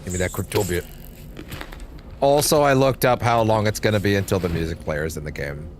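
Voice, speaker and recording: A man's voice: on the low side, a little fast, a little hiss or hum. A young man giving casual, rambling commentary while streaming a game, swearing offhandedly.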